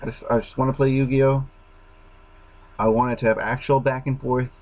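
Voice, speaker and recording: A man's voice: mid-range voice, level tone, moderate pace, darkish tone, rough recording. A man ranting alone to his camera, exasperated, swearing constantly and restarting his sentences. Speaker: gaming vlogger. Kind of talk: frustrated solo rant.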